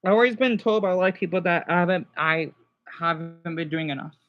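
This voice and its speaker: A man's voice: sits high, fairly quick, lo-fi sound. A man streaming live and reacting, rambling and agitated, stammering and restarting his sentences and apologizing often, sounding stressed and overwhelmed. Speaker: livestreamer. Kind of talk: rambling livestream reaction commentary.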